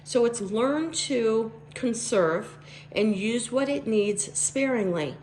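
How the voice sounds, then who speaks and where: A hoarse woman who has almost lost her voice, talking in a chatty, earnest way as a tarot reader giving a spiritual reading. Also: on the high side, a little mellow, a little hiss or hum. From Las Vegas, Nevada. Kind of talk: casual tarot reading monologue.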